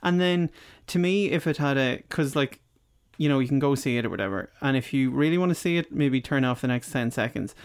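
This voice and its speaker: A man's voice: mid-range voice, a little fast, hardly any pauses, smooth. A man in casual chat, sardonic and ranting, mocking the characters in passing. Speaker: film review podcast co-host.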